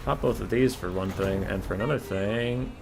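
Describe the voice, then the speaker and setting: With faint game music behind him, a young male streamer talks through his own strategy match, swearing, being sarcastic, and occasionally blowing up at his units. His voice is on the low side and creaky, at a normal speed.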